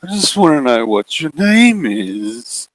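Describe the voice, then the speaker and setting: A lurking shadow creature, put on by a man running a tabletop game, speaks in a slow, silky, coaxing voice. Every sweet word hides a threat, and the pitch sits above the man's own. The sound is dry and close. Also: sing-song, dry recording, exaggerated voice, rough recording. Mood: coaxing menace. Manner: slow, soft, wheedling, growing urgent. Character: coaxing menacing shadow being in darkness.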